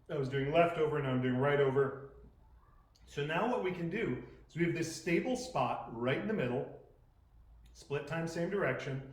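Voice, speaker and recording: Man, poi instructor, mid-pitched, talks while demonstrating, self-correcting, echoey room. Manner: thinks aloud, corrects himself mid-demonstration. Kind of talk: live class teaching. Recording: roomy echoing sound.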